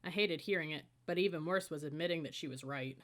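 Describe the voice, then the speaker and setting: A woman narrating an audiobook in a steady, even storytelling manner. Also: deep voice, fast talker. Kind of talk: scripted narration.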